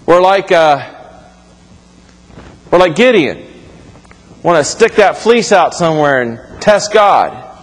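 In a reverberant church sanctuary, a pastor with a high voice and lively intonation preaches to his congregation. He speaks unhurriedly, pauses often, and talks it through conversationally, correcting himself as he goes.

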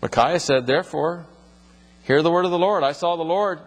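A man's voice: on the high side, normal speed, in a large hall. A man teaching from the Bible, reading passages aloud and then explaining them in plain, conversational words.

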